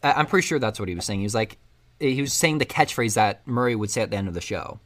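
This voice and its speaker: A man's voice: mid-range voice, fast talker. Rambling man retelling a movie. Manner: rambling, animated storytelling with quoted lines. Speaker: co-host recapping a film. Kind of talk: casual chat.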